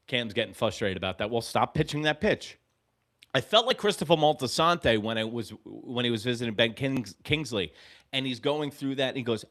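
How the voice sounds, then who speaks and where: A man hosts a live baseball reaction stream. He talks in an animated, profane way and calls plays with excitement. His voice is bright and swings widely in pitch. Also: brisk. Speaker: host of a fan sports show.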